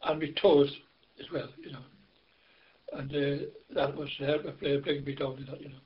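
An older British man recalling his army days in an oral history interview, rambling and halting, full of "you know". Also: medium pitch, level tone. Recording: dull lo-fi recording.

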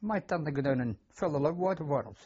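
Old scottish guy telling his story, raspy, keeps restarting his sentences, muffled old recording. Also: a little high, animated, darkish tone. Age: older. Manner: plain-spoken, repeats himself, halting restarts. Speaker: war veteran interviewee. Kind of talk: oral history interview.

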